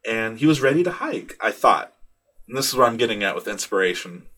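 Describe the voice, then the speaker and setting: A man's voice: lowish voice, big pitch swings, fairly quick, bright, forceful tone. A young man hosting a podcast, telling a rambling, candid story in a casual monologue and swearing freely. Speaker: podcast host.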